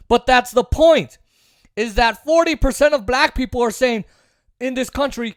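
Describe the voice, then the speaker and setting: The voice sits high and moves at a moderate pace, clean studio audio with no echo. It belongs to a political commentary host whose sarcastic, opinionated monologue repeats points for emphasis and mimics opponents in put-on voices.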